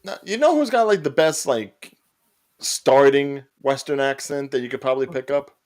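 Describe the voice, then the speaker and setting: A man with an ordinary mid-range voice talks casually about a film. He thinks out loud, restarting his sentences and filling pauses. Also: mid-range voice. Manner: thinking aloud with restarts and fillers. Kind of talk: casual watch-party chat.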